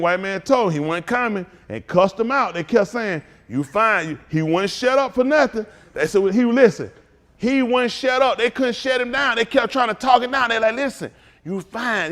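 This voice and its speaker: A man preaching as a pastor in a fiery talk, swinging from low mutters to loud outbursts.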